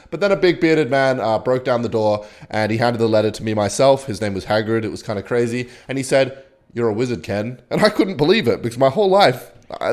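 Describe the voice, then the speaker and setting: A young man with a London accent, casually telling a comic, swearing story while playing a game, with quick jumps in his voice. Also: medium pitch, a little mellow. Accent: London English. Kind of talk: casual storytelling over gameplay.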